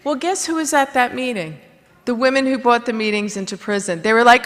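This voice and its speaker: A woman from Florida speaks candidly in a personal testimony, stumbling through fillers and restarts before breaking into animated quoted voices. Her voice is bright and a little high. The sound rings with the long reverb of a big conference hall. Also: fairly quick. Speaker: recovery speaker.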